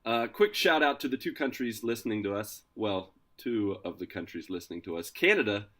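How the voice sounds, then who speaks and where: A man hosting a casual podcast, introducing his co-hosts with energetic, playful hype. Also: on the low side, brisk. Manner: energetic, hyped, playful announcer delivery. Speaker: podcast host.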